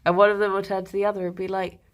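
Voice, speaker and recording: A woman chatting casually on a live stream. She rambles with plenty of fillers and coos at her pets in a higher voice. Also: little pitch movement, racing.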